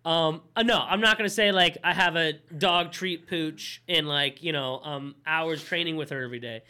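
A man's voice: on the high side, moderate pace, pushed and bright, clean tone. A young man co-hosting a podcast, bantering loosely and swearing as he chats with his friend. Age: young adult. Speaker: podcast co-host. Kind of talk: casual chat.

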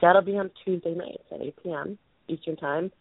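Co-hosting a call-in show, a woman in her late twenties keeps losing her hoarse voice as she casually announces what's coming up. She rambles earnestly, clears her throat, and starts sentences over at a moderate pace in a lowish register. It comes through a thin, tinny phone line, dry with no echo.

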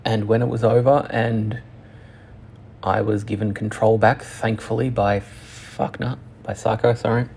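A young man telling a personal story frankly and profanely, halting often with restarts. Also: lowish voice, little pitch movement, gravelly, darkish tone, husky. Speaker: channel host.

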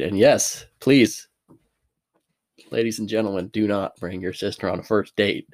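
A man's voice: fairly low pitch, fairly even intonation, measured pace, darkish tone. A man vlogging from his bedroom in a loose, rambling monologue, swearing freely and cracking self-mocking jokes.

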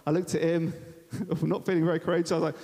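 The speaker is a young man from Thanet in Kent, England, preaching a guest sermon in a large church and telling personal stories in a chatty, self-deprecating manner. His voice is a little high and warm, with a level tone and a fast delivery. There's a long church-hall reverb.

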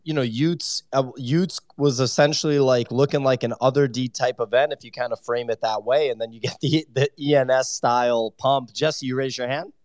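A man's voice: mid-range voice, steady tone, moderate pace, hardly any pauses, a little mellow, no room sound. Dry-voiced male show host. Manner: upbeat, steering the conversation. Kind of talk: live audio show chat.

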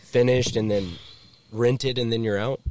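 A man's voice: mid-range voice, fairly even intonation, measured pace, a little mellow, no room sound. A man hosting a podcast in a casual chat, self-deprecating and laughing easily. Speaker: podcast host.

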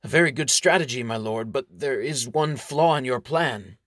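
A man's voice: mid-range voice, normal speed, fairly bright tone, no echo, natural voice. Wary doubting knight read by a man, raised questioning tone, dry sound. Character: cautious doubting male knight advisor. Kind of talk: audiobook character reading.

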